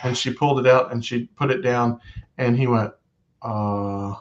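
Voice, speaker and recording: A man's voice: mid-range voice, steady tone, normal speed, muffled recording, slight background noise. A man co-hosting a casual fan chat, rambling through stories with many fillers and quoted exchanges. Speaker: co-host of a fan watch-along show.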